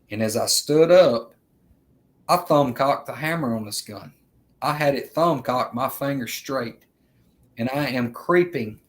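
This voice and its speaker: Rambling storyteller man. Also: medium pitch. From Alabama, US. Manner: earnest, rambling, repeats himself, addresses viewers as guys. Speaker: vlogger telling an encounter. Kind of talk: casual storytelling.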